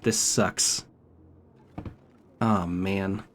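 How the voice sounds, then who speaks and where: A man's voice: sits low, fairly even intonation, very slow, a little hiss or hum. A man streaming a video game, talking casually with wry, profane remarks. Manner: profane, wry and laid-back. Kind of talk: casual gameplay commentary.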